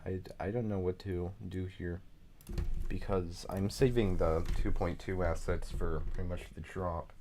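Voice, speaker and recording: A man's voice: low voice, fairly even intonation, moderate pace, mellow, slight background noise. A man with a slight Southern US twang, rambling in casual chat while building a game level and apologizing for going off track. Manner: rambling, chatty, apologetic asides. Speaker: level creator streaming.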